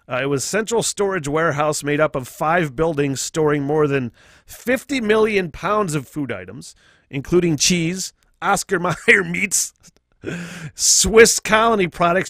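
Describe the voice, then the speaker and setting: A young man hosts a podcast in a casual, rambling monologue, swearing freely and chuckling at his own jokes. His voice sits a little on the high side. The recording is dry and close, with no room sound. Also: a bit bright, no room sound. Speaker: podcast host.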